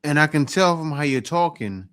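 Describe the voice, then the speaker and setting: A man's voice: a little high, expressive, moderate pace, fairly bright tone, smooth. A man hosting a reaction show, making casual teasing comments about a clip. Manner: joking, teasing remarks.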